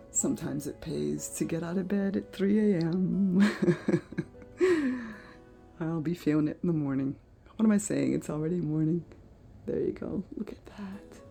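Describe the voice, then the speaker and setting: A woman's voice: fairly low pitch, warm tone. A woman art vlogger chatting to her viewers, gushing, giggly and easily awed, tired late at night. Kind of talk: casual chat to viewers.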